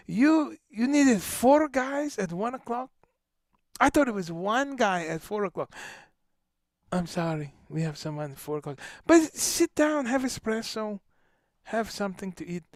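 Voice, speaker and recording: Guy putting on a chill apologetic venue worker, high sing-song voice, a bit gravelly, keeps it breezy. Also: animated, a little fast, hardly any pauses, no room sound, clean studio sound. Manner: soothing, breezy, excuse-making. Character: apologetic easygoing male venue staffer.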